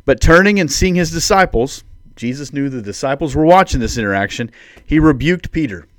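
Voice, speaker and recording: A man's voice: a little high, animated, fairly quick, no room sound, studio quality. A man hosting a devotional podcast. He talks conversationally and builds into emphatic, preacherly bursts. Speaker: podcast host.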